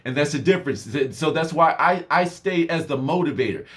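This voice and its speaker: Rambling man with a higher voice. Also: fairly quick, fairly bright tone. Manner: rambling, laughs often, acts out quoted people. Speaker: motivational vlogger and mentor. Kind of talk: casual motivational monologue.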